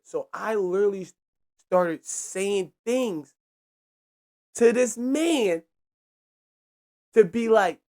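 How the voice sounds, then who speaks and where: A young man hosting a podcast, telling a story in a loose, animated rant full of swearing and laughs. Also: high voice, moderate pace, pauses often. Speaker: podcast host.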